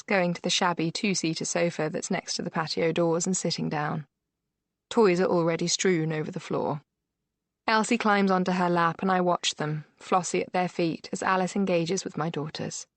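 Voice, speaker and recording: A woman reads a first-person thriller audiobook in a measured, steady way. Her voice sits fairly low. The recording is dry and close, with no room around it. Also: vocal fry, no echo. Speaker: audiobook narrator. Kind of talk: scripted first-person narration.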